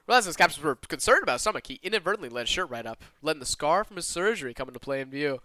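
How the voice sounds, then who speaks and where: A man with a slight Southern US twang, streaming from his own room and reading a visual novel aloud with animated asides. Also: a little high, dry recording. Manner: animated and expressive, with quick asides to chat.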